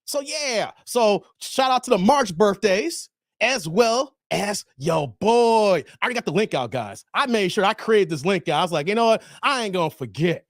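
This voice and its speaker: A man, hosting a casual livestream and chatting hyped with viewers, laughing and shouting them out. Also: high-pitched, lively intonation, moderate pace, dry recording, clean studio sound. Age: 40s. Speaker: livestream host. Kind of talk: casual livestream chat reading viewer comments.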